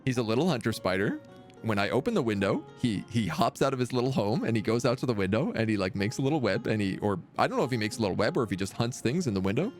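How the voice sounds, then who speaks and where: A man's voice: mid-range voice, sing-song, fast talker, faint music behind. A man streaming a strategy game, chatting casually and rambling playfully between moves. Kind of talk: casual gameplay commentary. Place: home room by a window.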